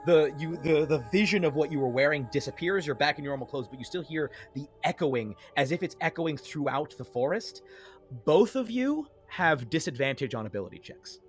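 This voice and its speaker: A man narrating as game master, halting with many fillers. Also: a little high, lively intonation, soft background music.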